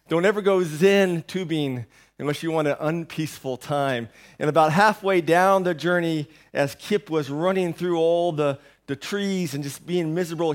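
A man's voice: fairly high pitch, moderate pace. A man in his thirties preaching a rambling, self-deprecating sermon, while sick with a sore throat and medicated. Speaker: pastor. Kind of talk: conversational sermon. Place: church.

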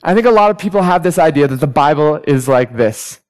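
A young man preaching a sermon, telling personal stories and acting out everyday conversations with lively energy. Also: fairly high pitch, brisk, rough recording. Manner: storytelling, animated when acting out conversations.

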